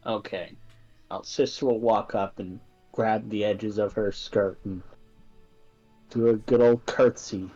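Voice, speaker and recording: A man with a low, dark voice chatting casually as a player in a tabletop game. He throws in wry jokes between questions. His sound is dull and lo-fi, with faint music behind. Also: fairly even intonation, slow pace. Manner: joking, wry asides.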